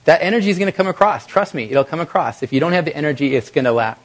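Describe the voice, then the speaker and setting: Energetic man coaching a live audience. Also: fairly high pitch, very fast. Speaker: video presentation trainer. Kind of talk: live workshop talk to an audience.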